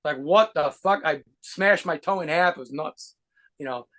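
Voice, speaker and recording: A man telling rapid, profanity-laced stories as a guitarist being interviewed. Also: on the high side, a bit bright. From United States. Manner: rapid profane anecdotes with laughs. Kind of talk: fast storytelling interview.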